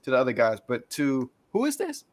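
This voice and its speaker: Male co-host, mid pitch, rambling and playful. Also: huge pitch swings, a little fast. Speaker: co-host of a music review show. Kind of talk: casual review chat.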